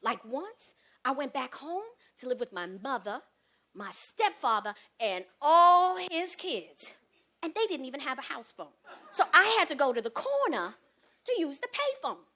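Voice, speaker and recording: On a theater stage, a middle-aged woman performs a one-woman comedy show, telling sassy stories and mimicking the people in them with animated energy. Her voice is high-pitched and her pace unhurried.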